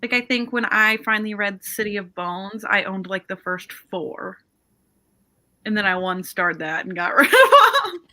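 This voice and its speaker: Young woman, host of a reading chat over a video call; bright, chatty, quick to laugh at herself. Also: medium pitch, big pitch swings. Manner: chatty, laughs often, self-deprecating. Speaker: host of a reading sprint stream. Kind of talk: casual chat.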